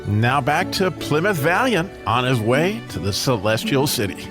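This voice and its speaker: A man hosting and narrating a story in a lively, folksy way. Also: medium pitch, moderate pace. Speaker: host and narrator. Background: music.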